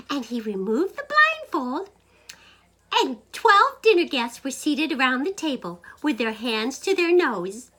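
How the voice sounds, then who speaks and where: A woman telling a funny story to camera in an animated, playful way, sometimes dropping into whispers. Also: high-pitched, measured pace. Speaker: joke teller, host.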